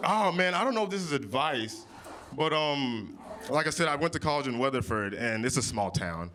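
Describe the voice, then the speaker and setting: A young man from Oklahoma performing improvised stand-up comedy, loud and brash, cursing and teasing the crowd. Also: mid-range voice, big pitch swings, normal speed, slight background noise. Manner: loud, brash, playful crowd work with swearing. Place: winery comedy stage before a live audience.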